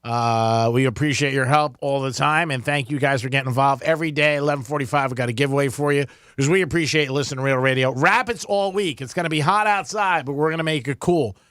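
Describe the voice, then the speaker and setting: A man's voice: medium pitch, fast talker, hardly any pauses, fairly bright tone, smooth, dry recording. A man co-hosting a radio show in casual banter, chatty and often laughing, on a studio microphone. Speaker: radio co-host.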